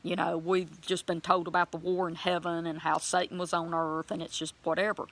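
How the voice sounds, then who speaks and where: Bright-voiced woman telling a testimony. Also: lowish voice, a little fast. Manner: animated, acts out her own commands loudly; emotional, plain-spoken and folksy. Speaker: Christian vlogger sharing a testimony. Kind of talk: personal testimony storytelling.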